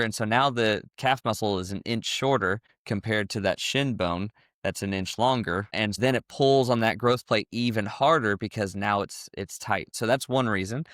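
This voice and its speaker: A man with a low, resonant voice chats casually as a gymnastics coach on a podcast. He walks through each point step by step in an easygoing, conversational way. The sound is close and dry, with no room around it. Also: fairly bright tone, no echo. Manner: explains things step by step in a conversational way.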